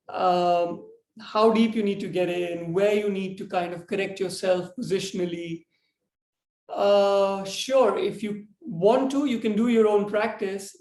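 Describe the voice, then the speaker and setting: A man teaching a yoga breathing lesson in a relaxed, rambling way, tired and yawning. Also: sits high, echoey room. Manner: relaxed, rambling explanation with fillers.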